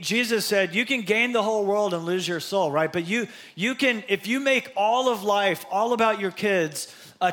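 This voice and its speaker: Middle-aged guy pastor preaching, chatty and personal, voice a bit on the high side. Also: fairly bright tone. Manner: conversational preaching with asides. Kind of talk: sermon.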